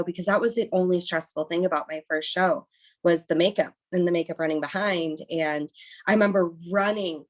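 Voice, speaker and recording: A woman's voice: fairly low pitch, brisk. Chatty young woman telling a story. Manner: chatty, rambling with many fillers. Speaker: podcast guest, bikini competitor. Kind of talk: casual interview storytelling.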